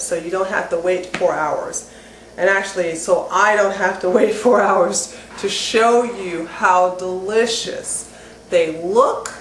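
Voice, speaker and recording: A woman giving a casual, enthusiastic cooking how-to demonstration at home, chatty and getting excited. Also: mid-range voice. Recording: roomy echo with faint background noise.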